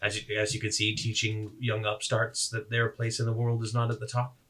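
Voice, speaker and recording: A man's voice: lowish voice, monotone, fairly bright tone, natural voice. A man doing a stern old orc instructor. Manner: measured, reproving. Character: stern older male orc martial arts instructor.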